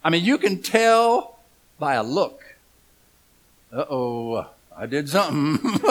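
A man's voice: fairly high pitch, very animated, slow. A middle-aged man preaching a humorous storytelling sermon, folksy and joking, asking the congregation questions.

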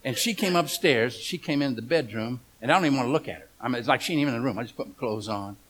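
A man's voice: mid-range voice, racing, a bit bright. A middle-aged man preaching a humorous storytelling sermon, folksy and joking, asking the congregation questions.

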